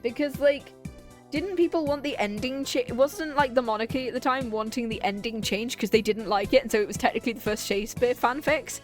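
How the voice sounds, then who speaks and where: A woman's voice: on the high side, brisk, faint music behind. A young woman streamer chatting casually while she plays a game, rambling, giggling and easily sidetracked. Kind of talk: casual let's-play chat.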